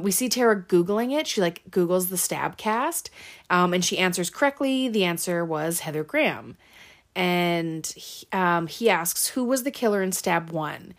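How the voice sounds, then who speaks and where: A woman casually retelling a film plot, full of ums and likes and quick voices for the characters. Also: lowish voice. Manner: chatty, lots of ums and likes; acts out lines in quick voices. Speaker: movie recap host. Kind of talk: casual movie recap.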